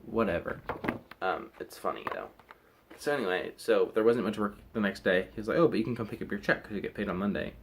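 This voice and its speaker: A man's voice: lowish voice, expressive, fast talker, vocal fry, a little hiss or hum. A young man chatting casually to camera in a rambling, hesitant way, full of fillers and restarts. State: recovering from wisdom teeth removal. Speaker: vlogger.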